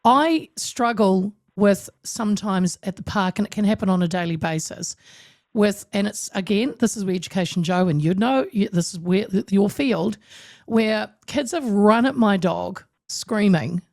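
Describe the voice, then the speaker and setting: A woman's voice: medium pitch, normal speed, no room sound, studio quality. A woman hosting a talk show interview, talking emphatically with lots of restarts. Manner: emphatic, animated, with many restarts. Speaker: radio talk show host. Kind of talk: casual interview chat.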